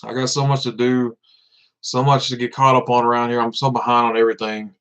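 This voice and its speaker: A man's voice: medium pitch, flat delivery, fairly quick, a bit bright, smooth. A man in his thirties from Tennessee with a Southern accent, chatting casually on a livestream, laid-back and often laughing, repeating words as he goes. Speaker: vlogger. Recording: dull lo-fi sound.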